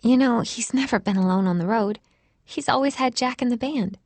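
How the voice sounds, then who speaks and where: A woman's voice: on the high side, moderate pace, a little mellow, no echo, voice pushed up, lightly acted. A woman reading an audiobook voices a worried, chatty young woman missing her boyfriend. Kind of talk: audiobook character voice.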